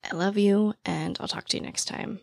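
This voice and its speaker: A young woman hosting a podcast in casual chat, with a naturally raspy voice, talking very fast and out of breath. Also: mid-range voice, fairly even intonation, dry recording, studio quality. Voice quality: naturally raspy voice with vocal fry. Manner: talks very fast, breathless and rambling. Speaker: true crime podcast host. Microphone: podcast mic, standing while recording.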